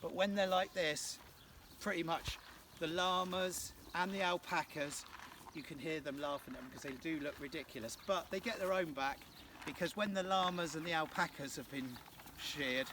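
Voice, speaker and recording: Farmer joking on an outdoor tour. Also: male voice, fairly high pitch, normal speed, hardly any pauses. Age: 30s. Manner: jokey and chatty, teasing asides. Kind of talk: casual guided tour. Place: outdoors in farm fields. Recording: distant outdoor recording with field noise.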